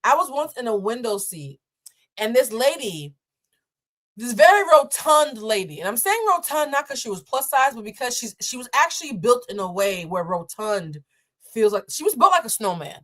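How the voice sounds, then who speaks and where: A woman's voice: mid-range voice, animated, normal speed, fairly bright tone. A woman from Boston hosting a live stream, reacting bluntly and profanely to a viral clip and laughing often. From Boston, USA.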